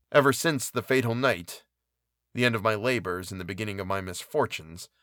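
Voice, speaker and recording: A man reading a classic novel aloud in a measured, even narration. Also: mid-range voice, dry recording, clean studio sound. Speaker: audiobook reader.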